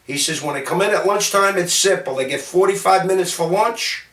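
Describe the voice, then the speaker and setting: A man from City, telling salty anecdotes about his bartending days in a lively, gesturing way. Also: high-pitched, brisk. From Jersey City, New Jersey, US. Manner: animated, gestures while talking, salty. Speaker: storyteller, former bartender. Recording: roomy sound from a distant mic.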